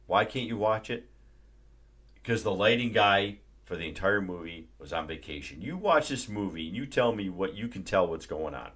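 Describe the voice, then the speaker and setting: A man's voice: fairly low pitch, a bit bright. A man hosting a live stream, ranting casually and profanely about a movie. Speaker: livestream host.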